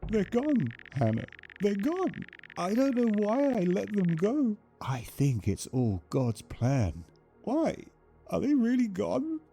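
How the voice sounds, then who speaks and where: A man voicing a creepy, overfriendly male neighbor in a horror game, talking in a soft, unsettlingly sweet way. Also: high-pitched, huge pitch swings, slow pace, vocal fry, faint music behind, heavily acted. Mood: grieving.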